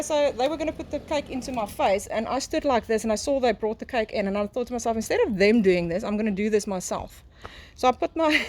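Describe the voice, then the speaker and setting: A woman's voice: sits high, a little mellow. A middle-aged South African woman with an Afrikaans accent, a guest telling stories in a casual chat and laughing often. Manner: chatty storyteller, laughing often. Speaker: guest, braai and smoking teacher. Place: outdoor garden.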